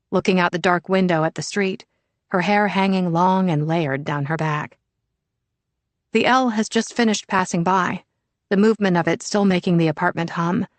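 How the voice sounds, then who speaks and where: Woman reading an audiobook, lowish voice, calm and steady, super dry close mic. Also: no echo. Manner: measured, even storytelling. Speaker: audiobook narrator. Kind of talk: first-person audiobook narration.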